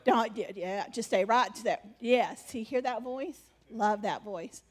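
A woman's voice: fairly high pitch, a little slow, breathy edge. A woman preaching animatedly and directing a live skit with her congregation.

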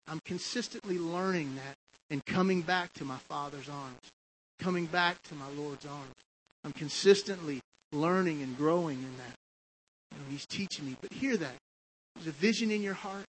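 A man's voice: on the high side, a bit bright, slight background noise, poor audio. A man preaching a testimony sermon, telling his story in a conversational way with frequent asides to the listeners.

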